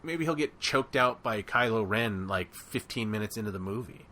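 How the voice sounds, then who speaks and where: A man's voice: on the low side, normal speed. A man co-hosting a podcast in casual chat, rambling with many fillers. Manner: rambling, filler-heavy, animated. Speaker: podcast co-host.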